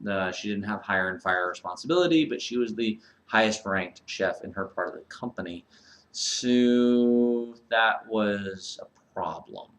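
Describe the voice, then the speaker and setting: A man's voice: on the low side, fairly bright tone. A man vlogging in a casual monologue, blunt and candid, swearing and rambling with fillers.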